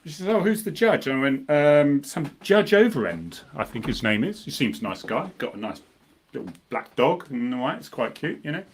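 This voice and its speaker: A man hosting a podcast, telling animated stories in casual chat and mimicking other people's voices. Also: medium pitch, moderate pace, a little hiss or hum. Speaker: podcast host.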